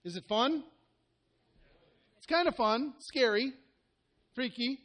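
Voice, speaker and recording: A man's voice: extremely high pitch, expressive, slow pace, fairly bright tone. A man coaching a live group, talking earnestly and directly and often asking the room questions. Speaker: network marketing coach.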